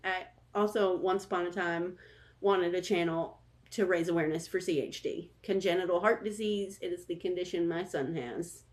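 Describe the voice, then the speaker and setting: A woman in her thirties talking casually to camera as a vlog host, candid and rambling. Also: on the low side. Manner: rambling, candid and self-deprecating. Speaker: channel host.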